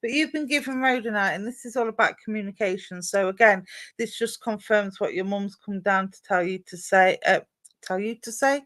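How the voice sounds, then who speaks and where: A woman giving a live psychic card reading, her tone soft and reassuring as she speaks straight to the viewer. She keeps up a warm, comforting patter full of endearments while relaying messages to them. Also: medium pitch, normal speed. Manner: gentle, reassuring, calls listeners "my darling". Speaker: psychic medium.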